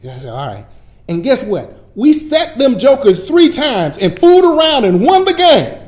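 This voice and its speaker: A middle-aged man, a pastor teaching Sunday school, telling folksy stories in a lively preaching style. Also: very high voice, normal speed. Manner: animated, folksy preacher who acts out his stories. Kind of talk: storytelling sermon-style lesson.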